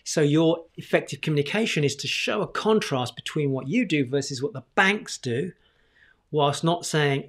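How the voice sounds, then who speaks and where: A man's voice: fairly high pitch, lively intonation, moderate pace. A man teaching communication strategies in a conversational talking-head video, often asking himself rhetorical questions. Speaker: communication coach.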